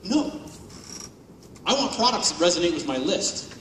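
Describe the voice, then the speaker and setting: On stage in a large hall, a man gives a comedic, profane conference keynote full of mockery and sarcasm. His high, fairly bright voice swings widely in pitch at normal speed, and he's far off-mic in an echoey room with slight background noise.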